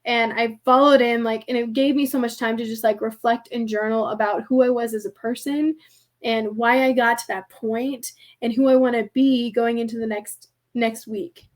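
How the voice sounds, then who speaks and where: Chatty higher-voiced young woman storyteller. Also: moderate pace. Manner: animated, heavy use of "like", acts out quoted voices. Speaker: podcast guest. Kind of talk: casual storytelling.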